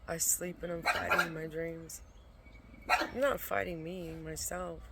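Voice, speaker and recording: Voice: mid-range voice, flat delivery, a little slow, vocal fry. A tired vlogger who talks about spiritual visions in a rambling way, swearing often and sometimes dropping into a whisper. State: exhausted from lack of sleep. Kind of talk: casual spiritual monologue. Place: at home with a pet dog nearby. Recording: noisy home recording.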